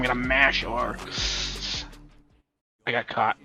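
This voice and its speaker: A man's voice: medium pitch, flat delivery, a little slow, pauses often, sharp tone, soft background music. A man hosting a let's play, rambling, joking and swearing as casual gameplay commentary.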